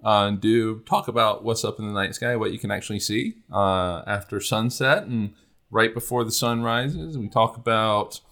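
A man's voice: on the low side, normal speed, fairly bright tone. A man hosting a casual astronomy podcast, rambling with many fillers. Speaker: podcast host.

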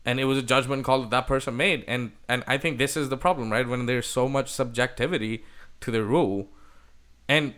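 A man's voice: medium pitch, a little fast, a bit bright. A man hosting a casual football podcast chat, blunt and swearing freely, from India. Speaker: podcast host.

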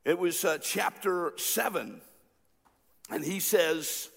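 A man's voice: high-pitched, slow pace, gravelly, pauses often, breathy edge. Preaching man in a big echoing hall. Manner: dramatic swings between shouting and quiet asides. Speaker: pastor. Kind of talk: sermon. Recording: long reverb of a large hall.

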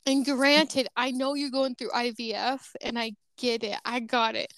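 High-voiced woman telling lively stories. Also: measured pace, no echo. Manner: animated storytelling, acts out quoted people. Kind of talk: casual chat.

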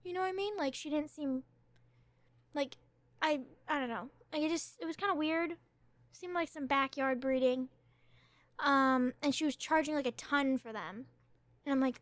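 A young woman from Canada tells a story on her podcast in a loose, rambling way, leaning on "like" and restarting her sentences. Her voice sits high, and the recording is dry, with no room sound around her. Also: normal speed, pauses often, a bit bright, no room sound. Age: young adult. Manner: rambling, chatty, filler-heavy with frequent "like". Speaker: podcast host.

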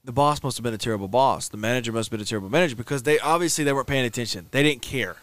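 A male podcast co-host listens, then weighs in with reflective comments in casual chat. His voice is smooth and mid-pitched, recorded dry and close. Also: very fast, fairly bright tone, dry recording.

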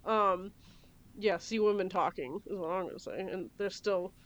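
A woman talks through recent films in a loose, chatty podcast conversation. She laughs often and swears freely, with a middle-range pitch. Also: moderate pace. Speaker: podcast co-host. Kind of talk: casual chat.

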